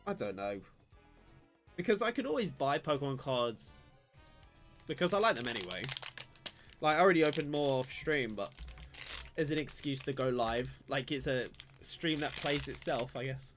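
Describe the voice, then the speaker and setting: A man's voice: medium pitch, expressive, moderate pace, long pauses. A young man chatting casually to his live-stream viewers, rambling and self-deprecating as he opens trading cards. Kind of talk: casual live-stream card opening commentary. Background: faint background music.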